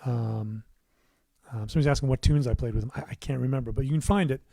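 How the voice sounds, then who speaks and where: A middle-aged American man talks casually to his livestream viewers, rambling and restarting as he answers questions. His voice sits at an ordinary pitch and sounds close and dry, with no room echo, as he chats from his recording studio. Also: quick pace, gravelly. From United States. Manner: rambling, warm asides, many fillers and restarts. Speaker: musician hosting his own livestream.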